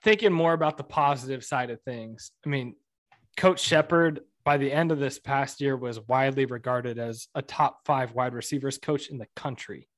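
A man's voice: medium pitch, moderate pace, dry recording. A man co-hosting a casual sports podcast, talking in an upbeat, emphatic way. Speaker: podcast co-host.

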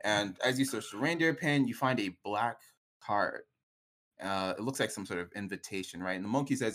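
A man's voice: on the low side, moderate pace, fairly bright tone. Rambling man running a tabletop game. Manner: rambling, filler-heavy with frequent "like" and "right?". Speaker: game master. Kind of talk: narrating a tabletop role-play.

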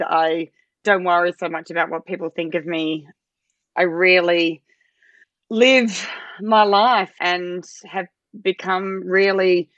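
A woman, a podcast guest, chatting casually and telling animated stories, jumping into a much higher voice when she quotes herself. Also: no room sound, dull audio. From Australia. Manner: animated storytelling, acts out her own quoted lines in a much higher voice. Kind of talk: casual interview chat.

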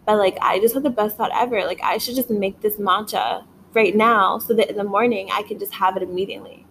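A woman's voice: mid-range voice, fairly even intonation, brisk, fairly bright tone, a little hiss or hum. A young woman vlogging casually from her living room, rambling, swearing often and filling every phrase with "like". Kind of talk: casual rambling chat to camera. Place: living room at home, indoors.

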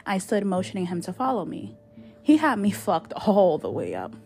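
A woman reads a fictional journal aloud in a chatty, sassy, confiding way. Her voice sits at a middle pitch. Faint music plays behind her. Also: huge pitch swings, moderate pace, gravelly, darkish tone. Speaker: narrator. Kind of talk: dramatic reading of a fictional journal.

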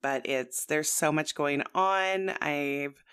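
A woman's voice: sits low, slow pace, a bit bright, smooth. A woman in her thirties co-hosting a podcast in casual chat, with a sing-songy way of talking. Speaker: podcast co-host.

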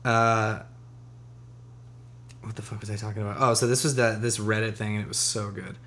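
A man's voice: fairly low pitch, little pitch movement, normal speed, fairly bright tone, a little hiss or hum. A man co-hosting a casual podcast chat, rambling loosely, swearing freely and laughing often. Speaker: podcast co-host.

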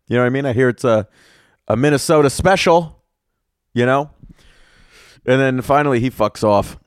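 A man's voice: mid-range voice, normal speed, long pauses, clear, resonant tone, no echo, clean studio sound. Profane young man ranting on his podcast. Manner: profane, animated storytelling with mocking voices. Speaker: podcast host, comedian. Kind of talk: casual solo rant.

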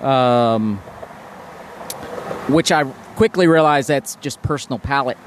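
A man's voice: mid-range voice, takes it slowly, a little hiss or hum. A man speaking as a brewery guest in a casual podcast conversation, easygoing and hesitant, with many fillers.

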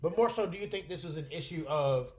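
A man co-hosting a casual podcast, bantering quickly and easily. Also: on the high side, a little mellow. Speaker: podcast co-host. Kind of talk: casual chat.

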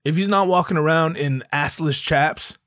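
A man's voice: fairly high pitch, moderate pace, fairly bright tone, no room sound, clean studio sound. A man hosting a podcast, riffing sarcastically and profanely in a casual comedic monologue. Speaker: podcast host.

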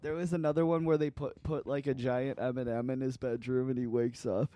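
A man's voice: mid-range voice, level tone, fairly quick, dark tone. A young man chatting crudely on a podcast, rambling with restarts and laughs. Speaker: podcast co-host. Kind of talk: crude casual chat.

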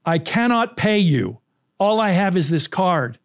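A man's voice: high-pitched, sing-song, unhurried, heavily acted. A man voicing a proud, worried father who insists he cannot pay. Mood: anxious. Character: proud, worried middle-aged father, short of money.

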